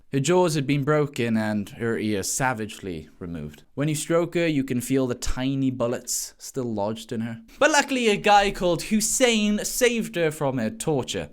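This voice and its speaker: Give me a sarcastic male comedy vlogger with a lively, swinging voice, joking through news stories. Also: mid-range voice, clear, resonant tone. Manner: sarcastic, wisecracking.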